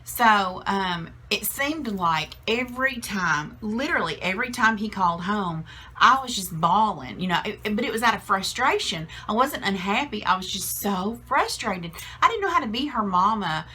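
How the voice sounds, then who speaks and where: A woman's voice: medium pitch, expressive, moderate pace, sharp tone, slight background noise. A middle-aged woman telling a family story in a casual, chatty way, with many fillers and restarts.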